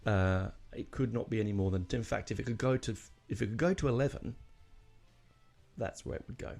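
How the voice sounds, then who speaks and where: A man hosts a solo podcast in a low, gravelly voice. He rambles through his thoughts with fillers and restarts and lets his feelings show. His tone is mellow and dark. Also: a little fast, faint music behind. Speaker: podcast host. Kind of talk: casual solo podcast talk.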